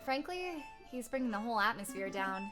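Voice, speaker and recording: A woman's voice: a little high, animated, brisk, music in the background, close to an everyday voice. A woman voicing a folksy middle-aged female bird tavern keeper in a put-on Southern US accent, homey in manner.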